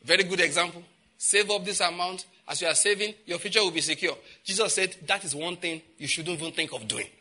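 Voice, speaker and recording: A Nigerian-accented male preacher with a somewhat high, intensely sharp and forceful voice. He hammers home repeated phrases, drops into pidgin asides and bursts out loudly. The delivery stays emphatic throughout the sermon. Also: a little fast. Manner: emphatic, repeating phrases, with sudden loud outbursts.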